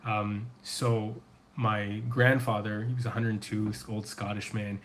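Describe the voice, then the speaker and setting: A man's voice: on the low side, level tone, moderate pace. Middle-aged man, earnest livestream chat. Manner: earnest, loose and rambling with many fillers. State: sore throat. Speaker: men's coach and livestream host. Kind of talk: casual livestream chat answering viewer questions.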